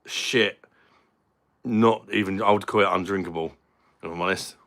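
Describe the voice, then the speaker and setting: A British man with a low voice and a bright, forceful edge hosts a relaxed livestream. He greets viewers and chats bluntly, joking and swearing as he goes. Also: normal speed. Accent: British English. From Britain. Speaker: livestream host. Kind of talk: casual livestream chat reading comments.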